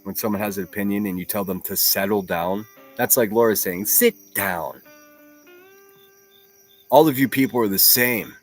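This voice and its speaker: A man's voice: on the low side, steady tone, fairly quick, hardly any pauses, soft background music. A man hosting a solo livestream, giving blunt, profane and mocking reaction commentary.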